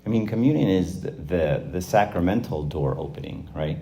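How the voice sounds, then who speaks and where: A man's voice: deep voice, expressive, normal speed, vocal fry, mellow, a little hiss or hum. A man in his forties giving an informal faith talk to young people, speaking conversationally, acting out quoted voices, with frequent fillers and restarts.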